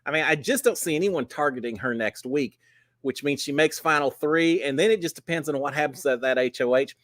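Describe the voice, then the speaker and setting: A man's voice: on the high side, a little fast, a bit bright, no echo, clean studio sound. A middle-aged man hosting a casual livestream chat, folksy and upbeat, with plenty of "uh" fillers. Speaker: host.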